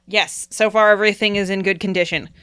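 Chatty woman player, smooth clear voice. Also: medium pitch, fairly even intonation, fast, a bit bright. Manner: chatty, swears casually, narrates her character's actions. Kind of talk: casual tabletop play chat.

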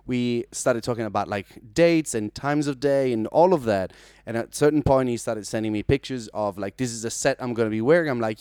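A man's voice: mid-range voice, brisk, darkish tone, clean tone, no room sound, clean studio sound. Laughing Italian man on a podcast. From Italy. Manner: laughs often while telling stories. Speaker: podcast guest. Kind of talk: casual chat. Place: home, remote call.

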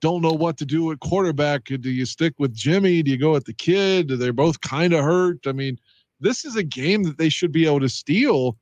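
A man's voice: a little high, normal speed, a little mellow, no echo, muffled recording. A man co-hosting a casual sports podcast, talking through games in a wry, conversational way. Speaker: podcast co-host.

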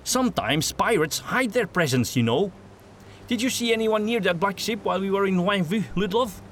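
A man's voice: high voice, expressive, moderate pace, a bit bright, a little hiss or hum, voice pushed up. A man voicing a brash, boastful male merchant adventurer, cocky and teasing.

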